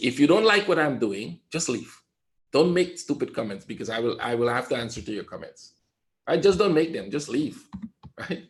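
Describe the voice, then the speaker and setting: A man's voice: mid-range voice, creaky. Male trading coach, lecturing bluntly on a webinar, echoey room sound. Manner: lecturing, blunt, repeats "right?".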